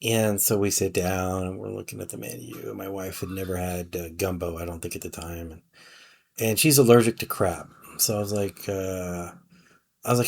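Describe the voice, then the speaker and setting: A man's voice: fairly low pitch, brisk. A man co-hosting a podcast, telling a rambling anecdote in casual chat with restarts and chuckles. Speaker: podcast co-host.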